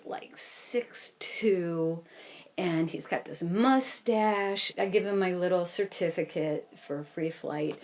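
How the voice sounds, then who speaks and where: A woman tells a live audience, in the first person, about a personal misadventure, laughing through it in an animated, self-deprecating way. She speaks slowly and leisurely, her pitch swinging widely and expressively.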